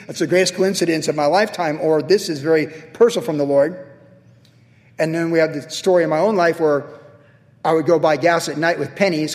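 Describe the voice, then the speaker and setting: A high-pitched man preaches from the pulpit, spinning personal stories and leaping up and down in pitch and loudness as he makes his points. His voice rings out with a long reverb, as in a large church sanctuary. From California. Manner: animated storytelling with sudden jumps in pitch and volume. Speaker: pastor. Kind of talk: sermon.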